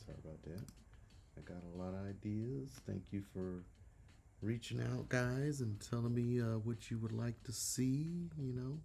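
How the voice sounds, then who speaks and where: A middle-aged man hosting a live drawing stream in casual chat, speaking softly and rambling, slightly hoarse from a cold and clearing his throat often. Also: medium pitch, moderate pace, slight background noise.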